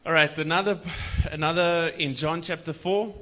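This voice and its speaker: A man preaching a sermon at a church conference, stretching key words slowly for emphasis and prompting the audience to answer back. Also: on the high side, steady tone, sharp tone.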